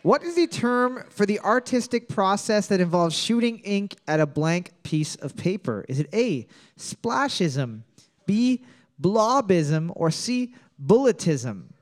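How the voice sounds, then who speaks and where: Joking trivia host with a high voice. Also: male voice, very animated, measured pace. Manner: joking, reads questions twice, laughs often. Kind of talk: casual bar trivia hosting with banter.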